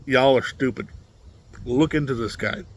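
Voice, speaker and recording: A man's voice: mid-range voice, measured pace. A man from Nebraska giving a blunt, combative opinion monologue to camera, with many fillers and restarts. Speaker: political commentary vlogger.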